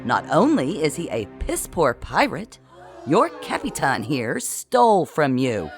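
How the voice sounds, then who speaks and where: Bossy schemer who spins mutiny as management talk, read by the narrator; lively delivery. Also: medium pitch, faint music behind. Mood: scheming. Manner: smooth corporate euphemisms, brisk orders. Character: scheming bossy woman, euphemistic, commanding.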